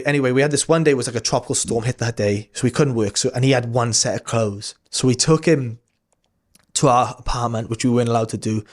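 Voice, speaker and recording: Candid man telling a story. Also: medium pitch. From Wales. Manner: rambling, candid, swears casually, many fillers. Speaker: podcast guest. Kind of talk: casual storytelling.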